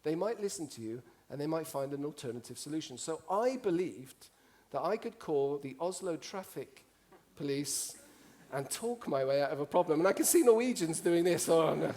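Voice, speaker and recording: A man from Italy, giving a humorous storytelling talk on stage, animated and joking as he acts out voices. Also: on the high side, normal speed, few pauses. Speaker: conference speaker. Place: stage before a live audience.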